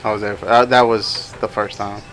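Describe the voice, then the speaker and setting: A man's voice: fairly low pitch, level tone, fairly quick, fairly bright tone, slight background noise. A young man co-hosting a podcast, telling stories in a rambling way, laughing often and acting out what people said. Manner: rambling, laughing, acts out quotes in other voices. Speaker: podcast co-host. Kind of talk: casual storytelling chat.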